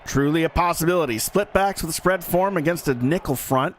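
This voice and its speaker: A man's voice: on the high side, a little fast. A man giving live play-by-play commentary on a simulated football game in a folksy, joking manner that talks straight to the audience.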